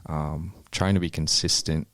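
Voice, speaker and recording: A man's voice: extremely low pitch, fairly even intonation, measured pace, a bit bright, dry recording. A man, a boxer, chatting in a laid-back way with many fillers. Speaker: amateur boxer guest. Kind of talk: casual interview chat.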